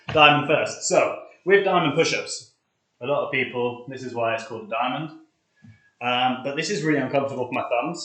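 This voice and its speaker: A man's voice: medium pitch, a bit bright. Breathless man leading push-ups. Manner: chatty, upbeat, counts reps aloud. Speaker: fitness coach leading a live workout. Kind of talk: casual live-stream workout instruction. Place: hot flat, indoors. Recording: echoey room.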